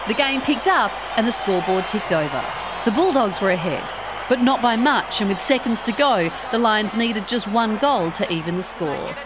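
A woman hosting and narrating a story podcast with expressive delivery. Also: medium pitch, normal speed, background noise. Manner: expressive, rising with excitement. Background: background music.

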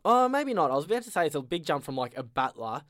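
A man's voice: fairly high pitch, sing-song, fast, a bit bright, dry recording, clean studio sound. A young adult man with an Australian accent, co-hosting a podcast in casual rambling banter. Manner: laid-back, rambling and joking. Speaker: podcast co-host.

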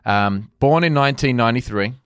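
A man's voice: medium pitch, brisk, a bit bright, clear, resonant tone, no room sound, studio quality. A man hosting a sports talk show, easygoing and running a quiz segment in casual chat. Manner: easygoing, laughs along, runs the quiz. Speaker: podcast host.

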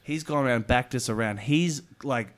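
A young man in casual podcast chat, rambling through stories and loudly acting out what people said. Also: mid-range voice, moderate pace. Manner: rambling storyteller, acts out quotes loudly.

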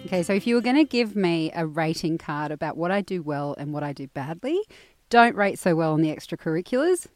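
A woman's voice: fairly low pitch, lively intonation, dry recording, faint music behind. Playful woman hosting. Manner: brisk, playful. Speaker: host. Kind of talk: casual chat. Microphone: studio mic.

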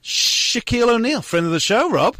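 Bright-voiced man co-hosting a sports podcast. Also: very high-pitched, big pitch swings, normal speed, dry recording. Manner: reads out quotes, laughs often. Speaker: co-host. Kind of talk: casual sports podcast chat.

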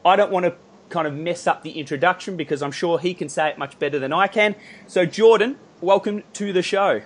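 A man's voice: sits high, brisk. A man with an Australian accent hosting a podcast, chatty and rambling, laughing often. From Melbourne, Australia. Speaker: podcast host. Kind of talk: casual interview chat.

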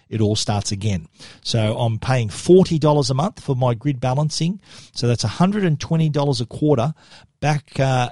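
A man's voice: medium pitch, darkish tone, no echo, studio quality. A man with an Australian accent hosting a tech podcast in an upbeat, chatty way, with frequent fillers and restarts. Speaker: podcast host. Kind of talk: casual podcast talk.

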